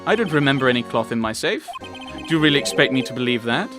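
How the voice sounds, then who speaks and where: Over game music, a man playing a courtroom game for a let's play reads out the characters' dialogue in his own voice and rants about the story. He speaks fast, with an expressive, medium-pitched voice.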